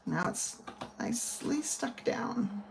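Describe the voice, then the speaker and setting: A woman's voice: fairly high pitch, expressive, slow, vocal fry, noisy background. Chatty woman demonstrating card making. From northern United States. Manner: chatty, friendly step-by-step explaining. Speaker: papercraft instructor. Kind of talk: casual crafting demonstration.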